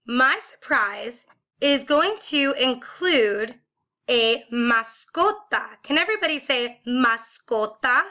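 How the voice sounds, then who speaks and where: A woman teaching a video lesson, saying words slowly and with exaggerated, sing-song emphasis for her class to repeat, and praising often. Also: on the high side, pushed and bright. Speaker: Spanish teacher.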